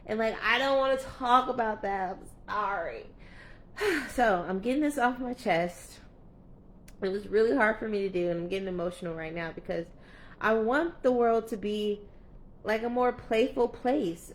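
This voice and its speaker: A woman's voice: on the high side, normal speed. A young adult woman coach speaking candidly in a vlog, earnest and heartfelt, rambling with many fillers and restarts. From California. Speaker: play and movement coach.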